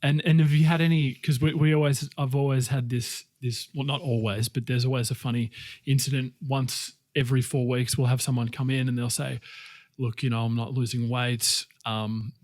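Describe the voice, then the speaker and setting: A man's voice: medium pitch, level tone, fairly quick, darkish tone, no room sound, studio quality. A man hosting a podcast, chatting loosely with lots of fillers and restarts. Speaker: podcast host. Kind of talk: casual podcast conversation.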